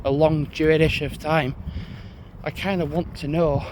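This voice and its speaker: A man's voice: a little high, little pitch movement, a little slow, darkish tone, slight background noise. A young man, rambling casually to his phone while out on an evening walk uphill. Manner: rambling, chatty monologue. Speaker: vlogger. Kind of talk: casual walking vlog.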